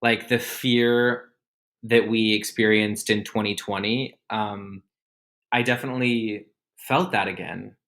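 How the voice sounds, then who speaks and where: A man's voice: fairly low pitch, fairly even intonation, slow pace, fairly bright tone. A man speaking as a podcast guest in easygoing, candid chat, joking about himself. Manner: easygoing, self-deprecating and candid. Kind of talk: casual interview chat.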